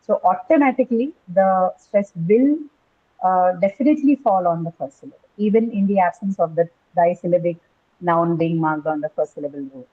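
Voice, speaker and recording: A woman's voice: fairly low pitch, brisk. A woman teaching an English pronunciation class, often checking with "right?" and quizzing her students. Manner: tags statements with "right?", questions students. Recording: dull lo-fi recording.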